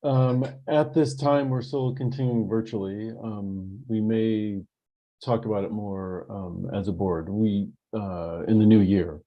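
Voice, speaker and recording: Slow halting man chairing a call. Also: on the low side, steady tone. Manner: halting, filler-heavy. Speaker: meeting chair. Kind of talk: virtual meeting. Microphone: video call. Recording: dull lo-fi call audio.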